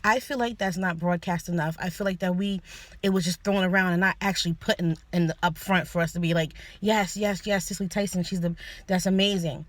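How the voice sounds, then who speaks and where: A woman's voice: on the low side, steady tone, brisk, dry recording. A young woman talking earnestly to camera in a personal vlog, hesitant, often restarting and apologizing. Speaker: vlogger. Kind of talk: personal opinion monologue.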